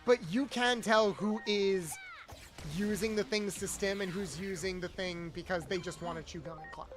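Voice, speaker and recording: A man's voice: sits high, fairly even intonation, normal speed, music in the background. A young man, a streamer host, chatting casually and acting out the people he quotes in his stories. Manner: rambling storyteller, acts out quotes. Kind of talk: casual chat while gaming.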